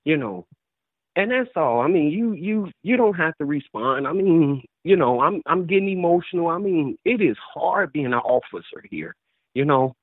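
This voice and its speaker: A man's voice: fairly high pitch, very animated, dry recording. Emotional man calling in by phone. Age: 40s. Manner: halting, repeats words, voice rising with emotion. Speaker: caller. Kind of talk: emotional phone call to a show. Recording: tinny dry phone line.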